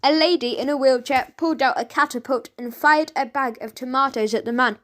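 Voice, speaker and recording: A woman narrating a children's audiobook in a lively, expressive reading. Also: high voice, brisk. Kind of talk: storybook narration.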